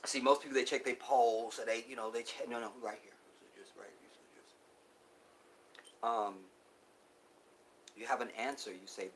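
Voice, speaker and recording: A man hosting a live stream, preaching to his viewers and calling them y'all, swinging from loud outbursts to near whispers. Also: mid-range voice, steady tone, normal speed, long pauses, slight background noise. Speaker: livestream host.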